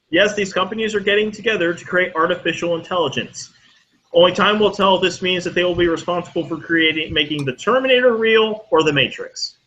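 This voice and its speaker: A man's voice: high-pitched, brisk, fairly bright tone. A man co-hosting a casual geek news chat, joking crudely and laughing often between headlines. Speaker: co-host. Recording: lo-fi with faint noise.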